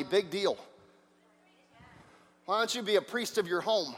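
A male pastor preaching a sermon, energetic, throwing out rhetorical questions and swinging between loud and soft. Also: high voice, measured pace, big-room sound, slight background noise.

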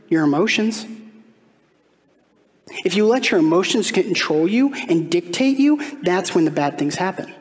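A man preaching a sermon as pastor, telling a personal story in a conversational way and putting questions straight to the congregation. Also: sits high. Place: church sanctuary. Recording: long hall reverb, faint music behind.

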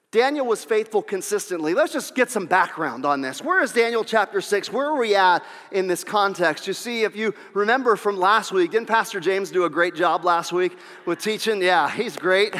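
A man with a high voice preaching a sermon from a church pulpit, telling stories and repeating his key lines for emphasis. His words trail off into a long reverberation around the sanctuary. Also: a bit bright. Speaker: pastor.

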